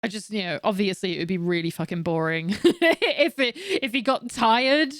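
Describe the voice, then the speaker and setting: A woman's voice: medium pitch, moderate pace, fairly bright tone, no room sound, studio quality. A woman in her late thirties streaming a game, talking frankly and swearing while she rants and jokes. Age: late 30s. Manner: frank and sweary, ranting with laughs. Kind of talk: casual game stream chat.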